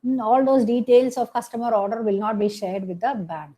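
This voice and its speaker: A woman's voice: fairly high pitch, steady tone, brisk, mellow, poor audio. A woman giving a recorded lecture, explaining step by step with frequent "okay" and "hmm" fillers and self-corrections.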